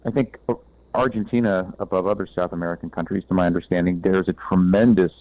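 A man's voice: sits low, steady tone, fast talker, a little mellow, highs cut off. A man bluntly giving his opinions in a casual chat about old films. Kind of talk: casual film discussion.

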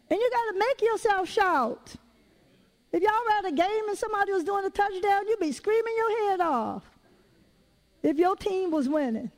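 High-voiced woman preaching with lively folksy asides. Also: moderate pace. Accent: Southern US. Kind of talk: sermon.

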